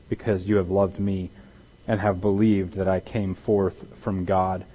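A pastor delivering a conversational sermon, often restarting his sentences and growing animated when he acts out what is said. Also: deep voice, rough recording. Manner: conversational with repeated restarts, grows loud and animated in dramatized quotes.

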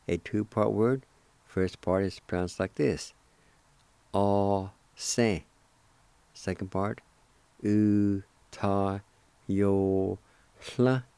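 Middle-aged man, radio lesson host, unhurried, low voice, dry close sound, spells words out patiently. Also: dark tone, no echo. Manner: patient, spells out and repeats each word syllable by syllable.

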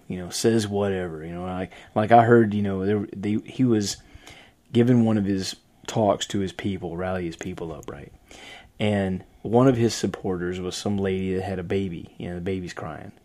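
A man's voice: sits low, mellow. A man hosting a casual podcast chat, rambling, trailing off and laughing often. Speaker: podcast host.

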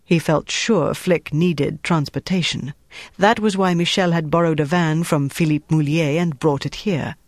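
A man narrates a wartime thriller in a steady, measured storytelling voice. His voice sits a little high for a man, and the close recording is dry, with no room sound. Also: no echo. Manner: measured, even storytelling delivery. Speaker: audiobook narrator. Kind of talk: scripted narration.

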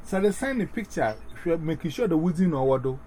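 A man, chatting in a halting, rambling way with many fillers and restarts. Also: on the high side, expressive, dark tone, slight background noise. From Ghana. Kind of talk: casual chat.

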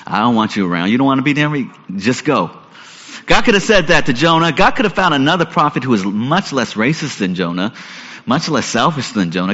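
A man's voice: mid-range voice, fairly bright tone, husky. A man preaching a sermon in an earnest, conversational way, asking his listeners questions. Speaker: pastor. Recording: echoey hall, dull lo-fi sound.

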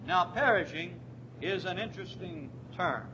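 Man, pastor, sermon, high bright voice, emphatic, faint rumbling hiss behind. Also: rough recording. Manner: emphatic preaching, repeats key words, slows on scripture.

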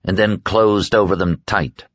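A male audiobook narrator with a very deep, low voice, reading in a measured and steady way. The recording is dull and lo-fi, completely dry with no room sound, and it stays close to the mic. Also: no room sound. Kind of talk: scripted narration.

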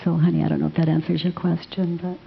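A woman teaching a live audience, answering questions in a gentle, affectionate manner and calling people honey. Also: on the low side, little pitch movement, fast talker, vocal fry, slight background noise. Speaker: self-inquiry teacher. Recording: dull lo-fi sound.

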